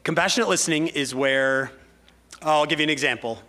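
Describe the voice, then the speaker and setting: Bright-voiced man teaching a lively class. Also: a little high, fairly quick. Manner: animated storyteller who acts out dialogue. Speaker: class lecturer. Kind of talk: lively classroom talk with anecdotes.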